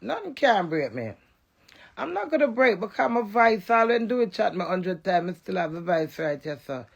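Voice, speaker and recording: A woman's voice: mid-range voice, brisk, vocal fry, lo-fi sound. A Jamaican woman in a defiant, emotional live rant, cursing and repeating phrases in a chant.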